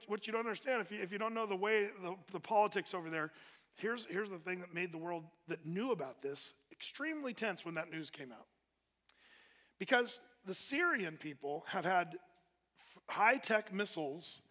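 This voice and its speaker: A pastor's high, pushed and bright voice rings through an echoey church hall with long reverb. He preaches conversationally and casually, with plenty of fillers and restarts.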